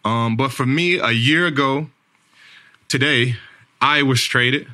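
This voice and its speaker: A man's voice: medium pitch, slow pace, sharp tone. A man in his thirties hosting a podcast, telling a story in a rambling casual way, repeating words and saying "man" and "like" a lot. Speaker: podcast host, NFL player.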